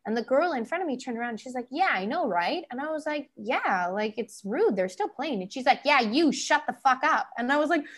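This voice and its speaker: A woman from Canada chats casually and tells stories with lots of energy, leaping up in pitch whenever she quotes someone. Her speaking voice sits a bit on the high side, and she laughs often between lines. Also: brisk, few pauses. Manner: animated, acts out quoted people in higher voices, laughs often. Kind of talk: casual storytelling chat.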